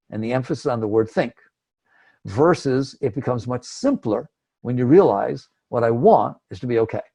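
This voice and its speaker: A man's voice: mid-range voice, vocal fry, darkish tone, husky. A man giving a conversational spiritual talk, emphatic and acting out inner thoughts. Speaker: spiritual teacher.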